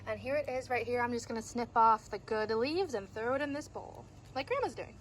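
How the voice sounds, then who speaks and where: A woman's voice: a little high, a little fast, a little hiss or hum, low-quality recording. A young woman chatting casually to camera in a home vlog, giggly and self-mocking as she cooks and gardens. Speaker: vlogger.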